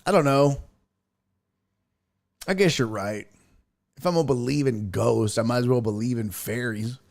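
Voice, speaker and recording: A man's voice: moderate pace, vocal fry. A man hosting a casual sports talk livestream, reading viewer comments aloud and joking around. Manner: animated, jokey, swings pitch wildly. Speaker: sports talk show host.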